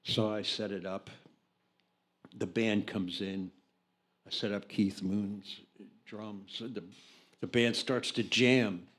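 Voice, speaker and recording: Animated older man telling studio stories. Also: fairly low pitch, slow pace, long pauses. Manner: animated storyteller, acts out other people's lines. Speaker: record producer and engineer, interview guest. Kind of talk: storytelling interview anecdote.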